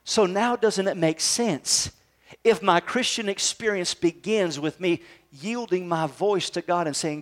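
A pastor preaching a sermon in a conversational way, often checking in with the congregation with quick tag questions. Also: male voice, on the high side. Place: church service.

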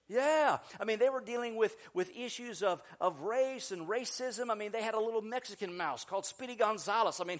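A middle-aged male pastor with a high, light voice, preaching in a loose, animated storytelling way. He laughs easily, restarts his sentences and talks to the congregation like old friends. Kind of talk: sermon.

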